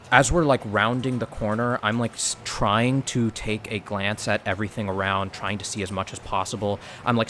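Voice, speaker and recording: A man playing a polite businessman character in a tabletop game, measured and formal, laughing often. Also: on the low side, a bit bright, slight background noise. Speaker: player.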